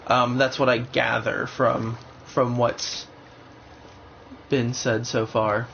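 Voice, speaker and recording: Young male streamer, gravelly, muttering and thinking aloud; muffled home mic with faint hiss. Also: mid-range voice, flat delivery, takes it slowly, fairly bright tone. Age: young adult. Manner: thinking aloud, rambling and hesitant. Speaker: livestreamer playing a game. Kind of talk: live gameplay commentary.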